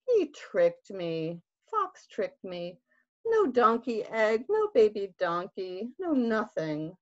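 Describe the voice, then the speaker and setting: An earnest, devoted bear who cries out in big, excited outbursts, as a woman reading a picture book puts him on. The voice is slow and swoops widely, and the recording sounds dull and lo-fi. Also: medium pitch. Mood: dejected.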